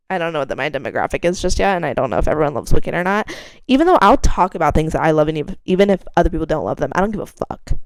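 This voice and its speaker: A young woman hosting a casual solo podcast, telling rambling, animated stories with bursts of laughter and casual swearing. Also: lowish voice, gravelly, dry recording. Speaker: podcast host.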